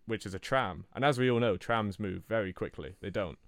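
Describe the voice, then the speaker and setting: A man telling an improvised comic story in a rambling, deadpan way, correcting himself as he goes. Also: on the low side, brisk, no echo, clean studio sound. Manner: rambling, deadpan, self-interrupting.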